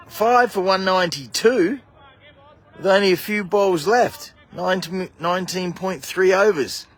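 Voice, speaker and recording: A man with an Australian accent commentating a local cricket match live while filming it outdoors on a camera mic, chatty and excitable, laughing often. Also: fairly high pitch, breathy edge.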